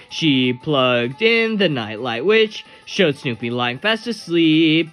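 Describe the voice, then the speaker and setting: A man narrates a novel aloud in a steady, storytelling way. His voice is bright, crisp and slightly high. Faint music plays under the reading. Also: takes it slowly.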